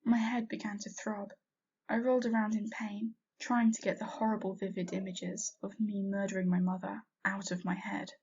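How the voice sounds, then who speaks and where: A woman reading a first-person fanfiction story aloud, in a soft, unhurried way that drops quiet at sad moments. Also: medium pitch, level tone, breathy edge, highs cut off. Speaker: fanfiction reader.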